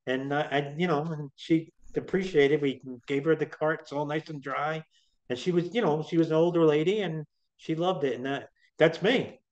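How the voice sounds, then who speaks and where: A man's voice: fairly high pitch, fairly quick, a little mellow. Chatty middle-aged man, rambling. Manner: chatty, rambling with repeated restarts. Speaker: interview guest. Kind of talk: casual storytelling. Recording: dull lo-fi sound.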